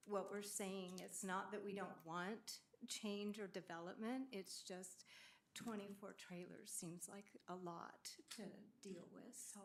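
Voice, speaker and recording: Woman resident at the mic, flat steady voice, polite and thankful, bit of faint noise. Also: mid-range voice. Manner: polite and grateful, brief. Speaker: resident giving public comment.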